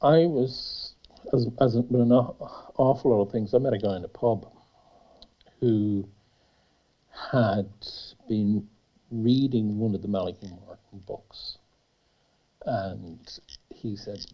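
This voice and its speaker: Producer guy telling a rambling story, lowish voice, sounds kinda muffled and dull. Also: normal speed. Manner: rambling, animated anecdote with restarts and casual swearing. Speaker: film producer. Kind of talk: casual interview chat.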